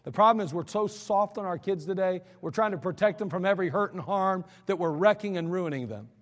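Male American pastor, high-pitched, folksy storyteller, reverberant church sanctuary. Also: brisk. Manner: folksy, emphatic storytelling preacher. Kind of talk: sermon.

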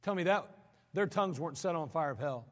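Male preacher, high-pitched, dramatic sermon delivery with repeated words, long reverberant hall. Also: animated, fast. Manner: dramatic preaching, sudden drops to low quiet lines; repeats words when building a point.

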